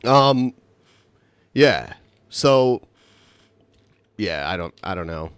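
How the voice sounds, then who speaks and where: A man's voice: fairly low pitch, lively intonation, very slow, smooth, no echo. A man co-hosting a podcast, talking in a laid-back way in casual chat. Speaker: podcast co-host.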